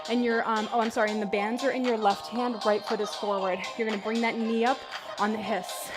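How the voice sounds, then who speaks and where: A woman fitness instructor guiding a workout, counting reps and calling breath cues in a steady rhythm. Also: fairly high pitch, brisk. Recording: music playing behind the voice. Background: workout music.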